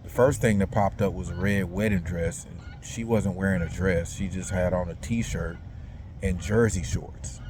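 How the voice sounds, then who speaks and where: A man's voice: sits low, steady tone, moderate pace, noisy background. A man casually recounting a dream in a rambling, slang-heavy monologue full of fillers.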